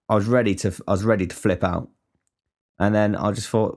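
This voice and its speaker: A man's voice: fairly low pitch, steady tone, a little fast. A man who works as a cook, talking in a casual, ranting monologue full of swearing.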